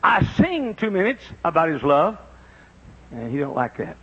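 An older man preaching a sermon, dropping to a low confiding tone and rising to high shouted praise. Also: very animated, normal speed, husky, highs cut off.

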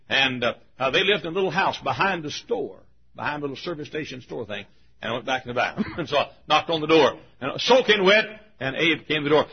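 An older man preaching a sermon, telling a story and acting out the voices, shouting at the high points. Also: a little fast, breathy edge. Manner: animated, acts out voices, shouts at peaks. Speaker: pastor. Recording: muffled lo-fi recording.

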